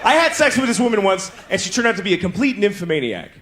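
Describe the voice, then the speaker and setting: Middle-aged guy doing stand-up, kinda high voice, jumps all over the place, little bit of hiss behind. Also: fast talker, a faint crowd. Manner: animated storytelling, acting out voices and moans. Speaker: stand-up comedian. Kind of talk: stand-up comedy routine.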